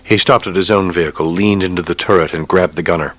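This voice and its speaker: A man narrating an audiobook with a steady, measured reading. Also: low-pitched, no room sound. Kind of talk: scripted narration.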